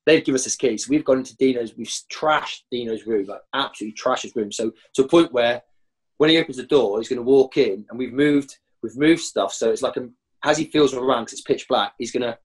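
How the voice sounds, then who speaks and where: A husky man recounts his stories in an animated, rambling way. His mid-pitched voice leaps upward whenever he acts out teammates and coaches, and he is a former footballer chatting as a guest. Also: fast talker. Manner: animated, jumps high when acting out others. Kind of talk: anecdotal storytelling.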